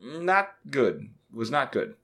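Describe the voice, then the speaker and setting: A man's voice: medium pitch, very animated, takes it slowly, a bit bright. A man co-hosting a podcast, casually telling a rambling travel anecdote and acting out the dialogue. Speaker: podcast co-host. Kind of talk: casual chat, storytelling. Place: bathroom at home.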